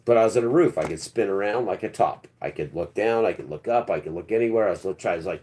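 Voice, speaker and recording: A man's voice: deep voice, fast talker, few pauses, darkish tone. A man hosting a live stream, telling a long personal story in a rambling, blunt, earthy way.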